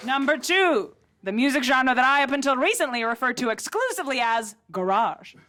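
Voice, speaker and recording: A woman's voice: high-pitched, fairly quick. A woman from Russia performing a sarcastic stand-up set on a theatre stage, acting out quotes as she goes. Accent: American-learned English. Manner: lively, sarcastic, acts out quotes. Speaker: stand-up comedian. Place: theatre stage before a laughing audience. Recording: audience laughter clearly audible.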